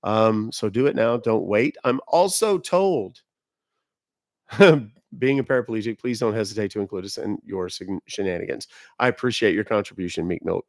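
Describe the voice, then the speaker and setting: Man, livestream host, low voice, dry close mic, blunt and emphatic. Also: normal speed, no echo. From United States. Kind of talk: casual livestream talk to viewers.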